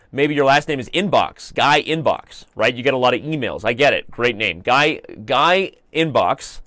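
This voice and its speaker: A man hosting a live online chess show, commenting on games in a chatty, joking way and reading out viewer shout-outs. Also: mid-range voice, dry recording. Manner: chatty and joking, with playful asides.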